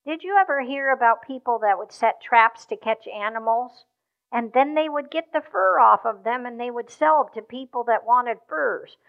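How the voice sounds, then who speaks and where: High-voiced woman telling a story to kids at church, gentle, lots of questions, muffled sound. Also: moderate pace, gravelly. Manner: gentle, asks the children questions. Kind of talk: children's story in a church service.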